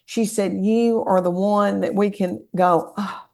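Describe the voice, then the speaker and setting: Her mid-range voice is creaky and takes its time. She's a comedian with a Southern American accent, guesting on a relaxed podcast and telling folksy stories with lively, animated flair.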